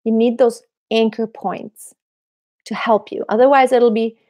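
A woman vocal coach answering viewer questions in a relaxed, explanatory way, breaking into short sung examples. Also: a little high, a little slow. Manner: explanatory, demonstrates with sung snippets.

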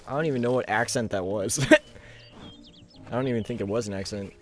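A man's voice: mid-range voice, expressive, normal speed, pauses often, a bit bright, faint music behind. Goofy laughing man playing a game. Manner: goofy, laughing, mock-outraged. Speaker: gaming channel host. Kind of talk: let's play commentary.

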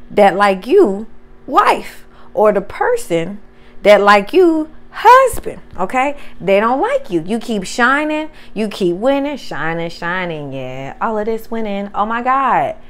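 Cussing tarot lady going off at viewers, pitch jumping all over, kinda high voice. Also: a little hiss or hum. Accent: Southern US. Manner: profane, animated, talks straight to viewers. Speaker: tarot reader. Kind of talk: casual tarot reading.

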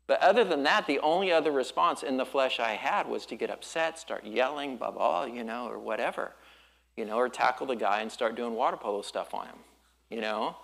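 A male pastor from Southern California preaching a sermon in a relaxed storytelling way, with surfer slang and quick laughs. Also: medium pitch, vocal fry.

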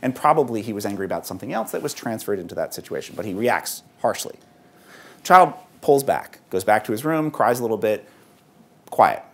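A man giving a conversational public talk to an audience of parents, speaking in a lively way with frequent ums. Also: on the low side, brisk. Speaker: author and speaker at a parents' event. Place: event hall.

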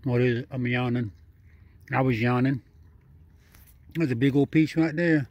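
A man's voice: medium pitch, measured pace, long pauses, darkish tone, no room sound, muffled recording. A man giving casual running commentary while feeding a raccoon, talking straight to the animal in a chatty, repetitive way. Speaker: vlogger feeding a wild raccoon.

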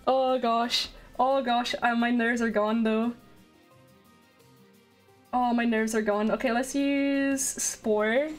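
A woman streaming a game live, excitable and chatty as she talks to her viewers. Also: fairly high pitch, takes it slowly, long pauses, soft background music. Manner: excitable, chatty, talking to chat.

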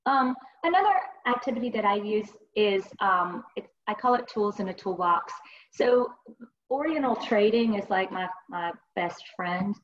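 A woman's voice: mid-range voice, lively intonation, measured pace. A woman counselor giving an online presentation, sharing client stories in an earnest, conversational way with many fillers. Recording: dull lo-fi online call audio.

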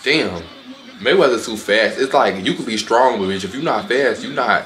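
A man giving sassy, animated reaction commentary on fight highlights, full of exclamations and sudden squealed outbursts. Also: moderate pace, roomy sound, slight background noise. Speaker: reaction video host.

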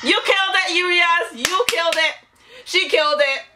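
A woman hosting a reaction video, excitable and slangy, laughing often as she comments on a music video. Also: extremely high pitch, normal speed, background noise. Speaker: YouTube reaction host.

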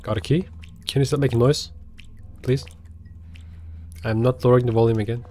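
A man's voice: medium pitch, fairly even intonation, normal speed, mellow. A man giving casual let's-play commentary, chatting to the game and yelping when startled. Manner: chatty, talks to the game, jumpy yelps. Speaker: gaming video creator.

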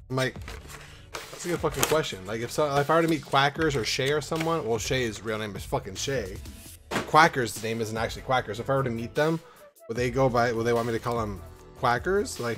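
A man chatting casually at home while he opens card packs, with a medium-pitched voice. He wanders from topic to topic, swears often and sometimes lets out loud whoops. Faint music plays behind him. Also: a little fast, pauses often. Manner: rambling, swears a lot, bursts into loud excited whoops. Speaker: YouTuber opening trading card packs. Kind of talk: casual rambling vlog. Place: at home in an apartment.

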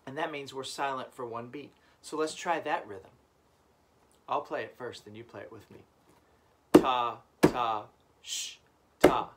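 A man's voice: mid-range voice, normal speed. A man teaching a children's music lesson, encouraging the class and chanting rhythm syllables. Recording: loud background noise.

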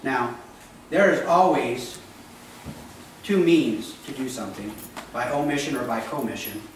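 In this clip the same conversational sermon comes through at medium pitch and a slightly slow pace, the pastor frequently questioning his listeners. It was captured from a distance in an echoey sanctuary, with a little hiss or hum.

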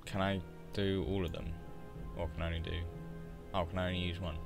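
A low-voiced man with a gravelly, creaky edge narrates his gameplay in a loose, chatty way. He wanders off into grumbling asides and self-talk. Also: little pitch movement, a little fast, music in the background. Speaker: let's play commentator. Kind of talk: casual gameplay commentary.

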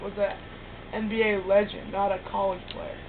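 A teenage boy playing a basketball video game and calling out the plays in an excitable way. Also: sits high, normal speed. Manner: excitable play-by-play calls. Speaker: gaming commentator. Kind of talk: casual gameplay commentary. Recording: tinny phone-like sound with clear noise.

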